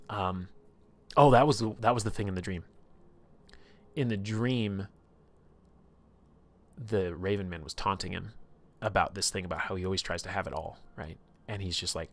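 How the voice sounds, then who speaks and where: A man's voice: sits low, normal speed, long pauses. A man casually retelling a story on a livestream, rambling and swearing often.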